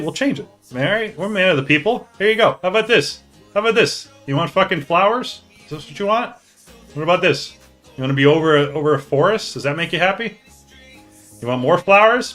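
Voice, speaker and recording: A man hosting a live stream, chatting casually and excitably with his viewers, joking and swearing as he goes. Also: a little high. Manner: excitable, jokey, talks to chat, swears. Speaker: streamer hosting a hockey league draft.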